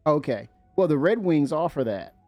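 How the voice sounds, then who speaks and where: A man hosting a livestream in casual chat, excitable and rambling, laughing often and filling pauses with "uh". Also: a little high, dry recording, faint music behind. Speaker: livestream host.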